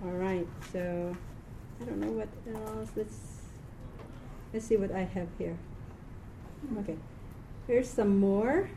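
A tired woman teaching a live reading class, chatty, quick to laugh and correct herself. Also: medium pitch, background noise.

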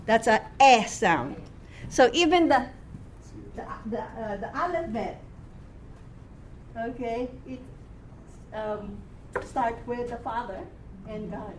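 A woman teaching a Hebrew class, explaining words patiently and repeating them slowly for her students. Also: on the high side, animated, a little hiss or hum. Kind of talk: classroom lesson.

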